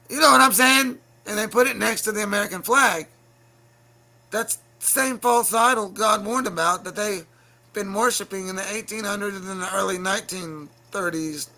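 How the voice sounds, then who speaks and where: A man hosting a livestream, delivering a heated, profane solo rant that keeps breaking into shouting. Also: sits high, gravelly. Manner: angry, profane, bursts into shouting. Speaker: livestream show host.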